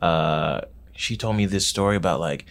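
A man with a low voice chatting loosely as a comedian. His talk is full of "like" and restarts, and he swings up sharply when he acts out his own lines. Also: moderate pace. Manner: loose, filler-heavy, jumps high when quoting himself. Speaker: stand-up comedian. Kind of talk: casual chat.

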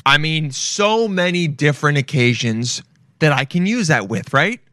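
A young man hosting his own podcast, rambling casually with lots of swearing and sudden bursts of loud excitement. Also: on the high side, moderate pace, faint music behind. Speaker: podcast host. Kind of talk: casual solo podcast rant.

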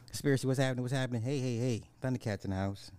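A man hosting a casual live show, greeting chat viewers by name in an animated, playful way. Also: mid-range voice, racing, clear, resonant tone, no room sound. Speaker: host.

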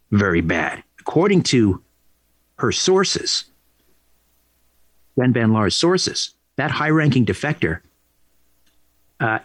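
A man's voice: fairly low pitch, breathy edge, no echo. A male talk radio host delivering an indignant, emphatic monologue, repeating phrases for emphasis.

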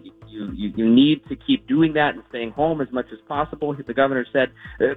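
A man reporting a news update with headlines, in a conversational, measured way. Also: medium pitch, breathy edge. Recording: phone line with faint music.

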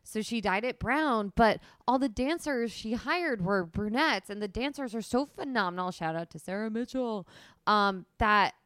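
A woman's voice: a little high, expressive, normal speed, fairly bright tone, clear, resonant tone, dry recording, studio quality. A woman co-hosting a podcast, gushing and teasing as she prompts her partner's stories. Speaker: podcast co-host. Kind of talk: casual chat.

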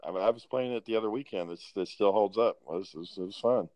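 Man, very low voice, dry close sound, laid-back, cursing, casual chat. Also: quick pace, no echo, dull audio. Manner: laid-back, swears freely.

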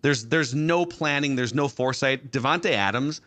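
A man's voice: mid-range voice, moderate pace, bright, forceful tone. A man co-hosting a sports podcast, chatting casually and telling stories with "you know" asides. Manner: storytelling, looks back with many "you know" asides.

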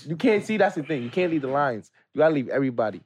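A man with a notably high voice for a man, chatting as a podcast guest. He rambles playfully in slangy, loose talk. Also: big pitch swings, racing, a little mellow, slight background noise. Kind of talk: casual chat.

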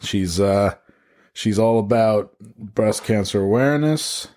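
A man co-hosting a podcast, telling crude, excitable stories in casual comedic chat. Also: on the low side, takes it slowly. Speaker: podcast co-host.

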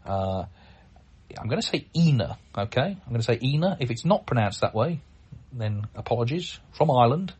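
Husky-voiced man hosting a chatty podcast. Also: mid-range voice, sing-song, a little fast, darkish tone. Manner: chatty, rambling, with many fillers and restarts. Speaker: podcast host. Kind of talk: casual solo podcast talk.

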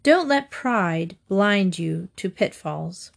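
A woman storyteller reading short fables aloud in a measured, deliberate way. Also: on the low side, expressive, vocal fry.

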